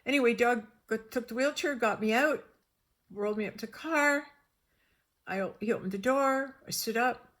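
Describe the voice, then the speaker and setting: A woman telling a personal story in an animated way, often restarting her sentences and acting out the voices of the people she quotes. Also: a little high, normal speed.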